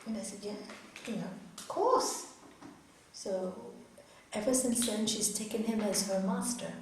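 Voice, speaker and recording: A woman's voice: mid-range voice, unhurried. Earnest woman teaching in an echoey hall. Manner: earnest, expressive, acts out quotes. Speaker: raja yoga teacher. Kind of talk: spiritual talk to an audience. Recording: echoey hall, distant mic, faint noise.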